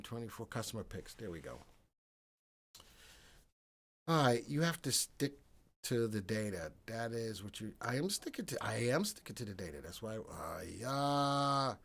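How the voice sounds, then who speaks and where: A man hosting a casual live stream about the stock market, thinking aloud and answering viewers by name, getting loud and excited when he reacts to the chat. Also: medium pitch.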